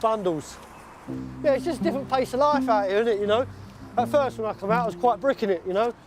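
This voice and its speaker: Guy on leave from a psych ward, high voice, rambling "you know what i mean" chat, bit of music behind. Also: quick pace. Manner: chatty, peppers talk with "you know what I mean" and laughs. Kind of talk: casual chat while out and about.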